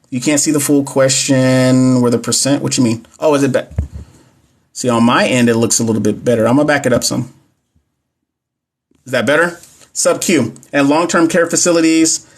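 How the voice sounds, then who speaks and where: A man's voice: mid-range voice, steady tone, moderate pace, fairly bright tone. Man, young adult, livestream tutor, casual, reads questions aloud, answers viewers. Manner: chatty, reads questions aloud, talks back to viewer comments. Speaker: nursing exam tutor. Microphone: phone or webcam mic.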